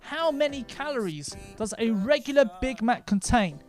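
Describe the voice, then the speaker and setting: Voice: medium pitch, very animated, normal speed, faint music behind. A quiz host on a casual livestream, teasing and joking between questions.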